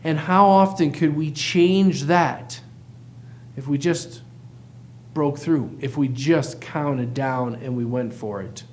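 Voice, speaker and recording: A man's voice: fairly high pitch, takes it slowly, a little mellow. A man coaching dental practice teams in an earnest, motivational talk, asking his listeners many rhetorical questions. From United States.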